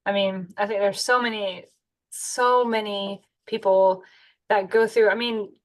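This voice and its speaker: A woman's voice: mid-range voice, fairly even intonation, unhurried. A woman co-hosting a podcast interview, affirming the guest and talking thoughtfully. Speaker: podcast co-host.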